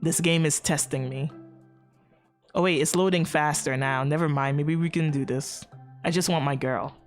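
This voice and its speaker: A woman's voice: low voice, moderate pace, faint music behind. A woman streamer chatting casually on a livestream, rambling and joking crudely into her microphone.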